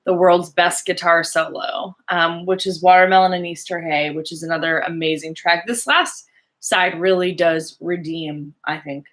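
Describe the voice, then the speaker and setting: A woman in her forties with a lower voice co-hosts a relaxed talk about an album. She is agreeable and enthusiastic, and she often backs her partner up with quick affirmations. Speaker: podcast co-host. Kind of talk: casual music discussion.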